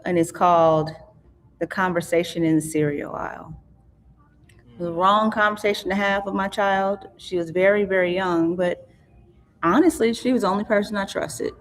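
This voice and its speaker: A middle-aged woman, an author and interview guest, telling her life story in an earnest, reflective way, often halting and restarting. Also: medium pitch. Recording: long hall reverb.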